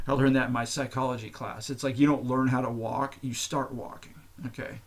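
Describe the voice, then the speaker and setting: A man's voice: mid-range voice, fairly even intonation, moderate pace. A man with a middle-range voice talks alone on his podcast, loose and unscripted. He rambles, restarts his sentences, swears freely and laughs at his own asides. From United States. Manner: rambling, profane, laughing at himself. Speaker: podcast host. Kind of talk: unscripted casual monologue.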